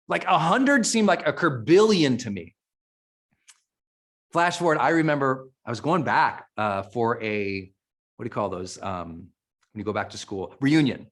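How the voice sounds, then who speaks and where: This is a keynote speaker from Montana, USA, a middle-aged man with a slightly bright, medium-pitched voice and lively intonation, speaking at a measured pace. Addressing a live crowd, he gives an emotional, forceful motivational talk, often restarting sentences.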